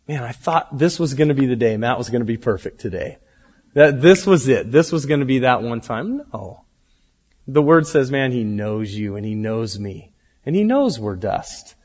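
Conversational pastor preaching in reverberant hall. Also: male voice, mid-range voice. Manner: conversational, animated storytelling with acted quotes. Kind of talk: sermon. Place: church hall. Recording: dull, reverberant hall recording.

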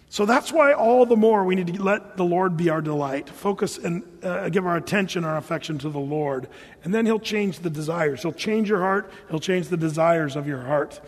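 Male pastor, middle-aged, high voice, sermon storytelling, loud bursts, reverberant church hall.

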